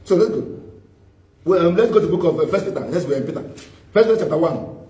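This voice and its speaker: A male pastor preaches a sermon in a high voice and keeps asking his congregation to fill in the words. He is recorded in a reverberant church hall from a distance. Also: lively intonation, fast, warm tone. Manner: call-and-response, prompts the congregation with "what?".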